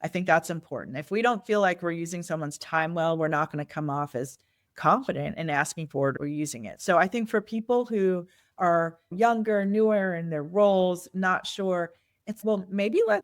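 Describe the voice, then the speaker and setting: Speaking at a normal pace in a lowish, animated voice, a middle-aged woman recounts personal stories with candor and reflection as a podcast guest. A nonprofit fundraising consultant, she acts out quoted lines, in a dry, studio-quality recording.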